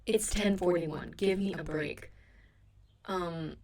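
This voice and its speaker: She speaks slowly in a low, darkish voice. A young adult host of a solo podcast, she chats from her bedroom in a rambling, self-deprecating way, sleepy and a bit sick in the throat.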